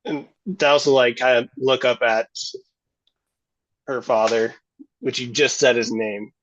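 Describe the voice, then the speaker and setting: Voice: medium pitch, fairly even intonation, measured pace. A player in a tabletop game, talking casually and rambling with many fillers. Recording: dull, muffled stream audio.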